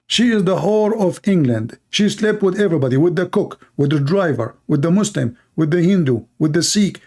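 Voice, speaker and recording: A man's voice: on the high side, expressive, moderate pace, a little mellow. A man from the Middle East with a Middle Eastern accent, mocking in blunt broken English on a livestream. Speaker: host. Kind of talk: livestream commentary.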